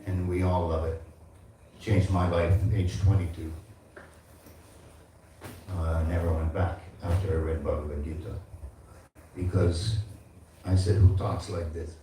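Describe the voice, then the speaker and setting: A man's voice: low-pitched, flat delivery, a little slow, pauses often, mellow, a little hiss or hum. A man in his seventies giving a devotional class, reciting verses and speaking to the audience. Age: 70s. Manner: recites Sanskrit verses and teaches with asides to the audience. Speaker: temple speaker. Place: large echoey temple hall. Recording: echoey hall from far off.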